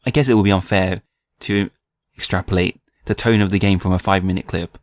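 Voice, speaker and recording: A man's voice: deep voice, fairly even intonation, a little fast, no echo, studio quality. A man co-hosting a podcast in casual chat, wry and laid-back. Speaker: podcast co-host.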